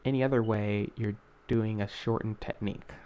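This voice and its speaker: A man's voice: lowish voice, fairly even intonation, moderate pace, dark tone, lo-fi sound. A young man hosting a casual screen-recorded art tutorial, talking in a rambling way with many fillers and self-corrections.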